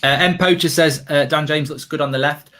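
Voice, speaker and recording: A man's voice: a little high, fairly even intonation, brisk, a bit bright. A man hosting a casual football watchalong, talking in a rambling, chatty way and reading out viewer comments. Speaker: watchalong host.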